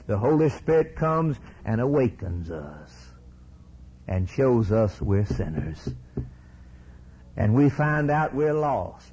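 A man preaching a sermon with passion, swinging from hushed lines to soaring cries. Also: mid-range voice, slightly rough, rough recording.

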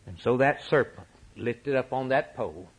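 A man preaching a sermon at a church service, impassioned, swinging from loud high peaks down to low, quiet lines. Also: lively intonation, moderate pace, husky, low-quality recording.

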